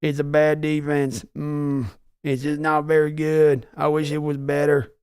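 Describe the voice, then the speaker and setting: A man doing a flat, mumbling drawler. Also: a little high, measured pace, clean tone, no echo, studio quality, close to an everyday voice. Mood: grumbling. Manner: flat, drawling mumble with grunts between lines. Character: slow, mumbling, troubled Southern man from a film.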